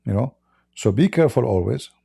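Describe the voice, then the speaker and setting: A man's voice: mid-range voice, expressive, fairly quick, creaky, dark tone, husky. A man hosting a livestream, telling a story in a rambling way and acting out the quoted dialogue. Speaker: livestream host. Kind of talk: casual storytelling monologue.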